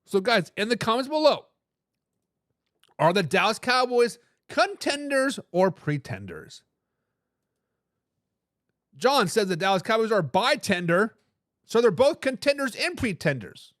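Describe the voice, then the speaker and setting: A man's voice: high-pitched, measured pace, long pauses, dry recording, studio quality. A man hosting a live sports talk stream, arguing his picks with lots of energy and reading out viewer comments. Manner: animated, hype phrases, frequent restarts. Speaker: sports talk show host.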